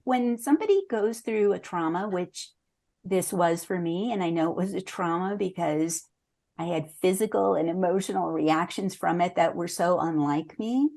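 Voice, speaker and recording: A woman in her sixties talks through her writing life as an interview guest. Her voice sits a little low and sounds warm and mellow. She speaks earnestly and reflectively, sometimes restarting her sentences. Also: moderate pace. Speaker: memoir author, interview guest. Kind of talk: conversational interview answers.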